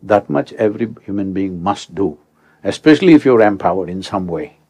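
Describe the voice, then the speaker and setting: A man in his sixties speaks as a spiritual teacher addressing a young crowd, and his voice sits a little low. He talks in an animated, rhetorical way, often turning to his listeners with quick prompts. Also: husky. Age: 60s. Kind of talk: speech to a young audience.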